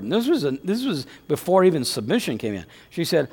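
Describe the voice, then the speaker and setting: Male pastor, high lively voice, casual preaching style, church hall reverb. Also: fairly quick, few pauses, husky. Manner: animated, conversational preaching with rhetorical questions. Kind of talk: sermon. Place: church sanctuary.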